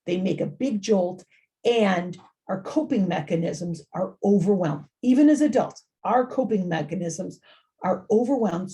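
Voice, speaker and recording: A middle-aged woman giving an informal talk to parents, lively and conversational, often acting out quoted lines and repeating phrases for emphasis. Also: medium pitch. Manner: animated, acts out quoted voices, repeats phrases. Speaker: family engagement speaker.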